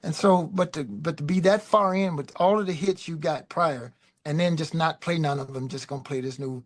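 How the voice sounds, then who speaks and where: Animated middle-aged man telling stories. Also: a little high, normal speed. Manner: animated, loose, peppered with "man" and "you know". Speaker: guest musician. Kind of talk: casual storytelling.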